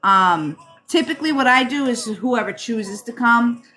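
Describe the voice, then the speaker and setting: A chatty woman with a Rhode Island accent gives a card reading on a live stream. She calls her viewers darling. Her voice sits a little high and sounds bright and forceful. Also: animated, a little slow. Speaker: psychic reader and livestream host.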